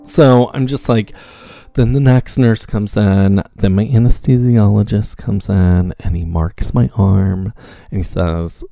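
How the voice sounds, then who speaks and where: A man telling a casual personal story, acting out the back-and-forth of the people in it with lively reactions. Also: on the low side, unhurried, vocal fry, no room sound, studio quality, soft background music. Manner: animated, acts out quoted exchanges.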